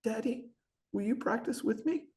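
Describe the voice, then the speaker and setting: A man's voice: extremely high pitch, normal speed, darkish tone, pitched above the performer's own voice. A man voicing his shy, meek young teenage daughter in a timid, pleading tone.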